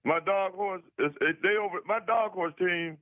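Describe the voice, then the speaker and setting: Man, radio caller, higher voice, emphatic, folksy, muffled dry line. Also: moderate pace, no echo. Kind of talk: casual sports talk.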